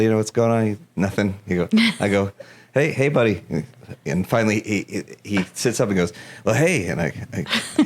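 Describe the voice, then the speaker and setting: A man in his thirties telling a story in casual chat, animated, laughing often and acting out the dialogue. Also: fairly low pitch. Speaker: guest.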